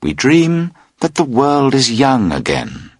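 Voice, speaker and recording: Slow husky male storybook narrator. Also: medium pitch, wildly swooping pitch, dry recording. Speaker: audiobook narrator. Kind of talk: scripted narration of a graded reader.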